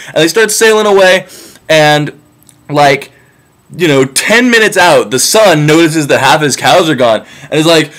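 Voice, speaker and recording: A man's voice: on the high side, lively intonation, fairly quick, fairly bright tone. A man narrating a myth in a casual, sarcastic and profane comic retelling.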